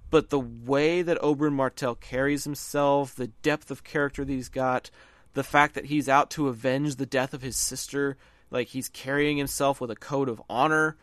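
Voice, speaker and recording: A man's voice: medium pitch, fairly even intonation, normal speed, a bit bright, no room sound. A man from the American South co-hosting a podcast, chatting casually and enthusiastically about movies, often restarting his phrases. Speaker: podcast co-host.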